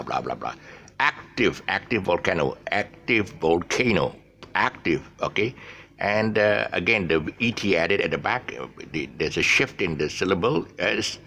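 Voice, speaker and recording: Rambling male teacher, gravelly, bright tone, lively pitch, faint noise behind. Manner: rambling, many fillers and restarts. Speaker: English teacher. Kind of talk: casual spoken English lesson.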